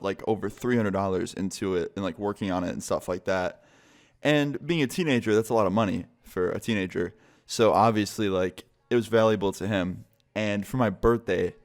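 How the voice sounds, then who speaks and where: A young man telling a casual, profane storytime to his viewers and acting out the quotes. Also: on the low side. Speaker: vlogger.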